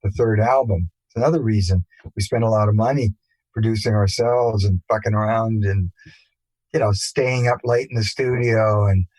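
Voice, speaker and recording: An older man, a musician guest, telling rambling anecdotes in a relaxed interview, with many fillers and restarts. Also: lowish voice, moderate pace, dry recording, rough recording. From England.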